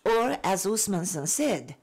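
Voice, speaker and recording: A woman's voice: medium pitch, sing-song, a little mellow. A woman working as an interpreter at a film panel, putting audience questions and panel answers into English phrase by phrase. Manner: halting, phrase-by-phrase delivery.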